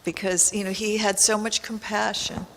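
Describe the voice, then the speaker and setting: A woman's voice: mid-range voice, level tone, moderate pace, fairly bright tone. A woman on a panel recalling a personal memory, hesitant with ums. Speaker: panel speaker. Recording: reverberant hall with faint noise.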